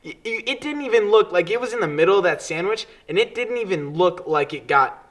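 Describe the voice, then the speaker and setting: A young man co-hosting a casual podcast, spinning stories with plenty of energy. He swears freely and keeps slipping into impressions of the people he describes. His voice sits a bit higher than most men's. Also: brisk. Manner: animated storytelling, swears freely, mimics people. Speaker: podcast co-host. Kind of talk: casual chat.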